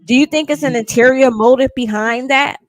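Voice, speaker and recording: A woman's voice: high-pitched, a little fast, no echo. A woman co-hosting a live talk stream, chatty and incredulous as she reacts. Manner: incredulous, chatty, addresses the host directly. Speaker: co-host. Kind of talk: casual commentary on a live stream.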